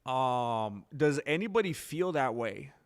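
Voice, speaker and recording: A man's voice: medium pitch, big pitch swings, slow. A man hosting a casual livestream, rambling and reacting to the chat with lots of ums. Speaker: livestream host. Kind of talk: casual live-stream chat.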